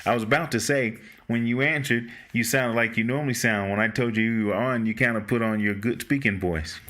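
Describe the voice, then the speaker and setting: A man's voice: mid-range voice, a little fast. A man hosting a casual talk show, a former radio voiceover man, chatting loosely with many restarts. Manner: relaxed, rambling, frequent restarts. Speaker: host. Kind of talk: casual chat.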